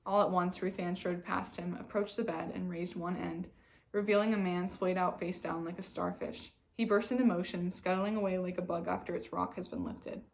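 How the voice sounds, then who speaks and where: A woman reading a novel aloud in calm, even narration. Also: on the low side, normal speed, creaky, slight background noise, poor audio. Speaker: audiobook reader.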